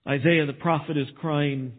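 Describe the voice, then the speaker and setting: A man's voice: on the high side, steady tone, normal speed. A male pastor preaching a sermon with emphasis and rhetorical questions. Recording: tinny phone-like sound.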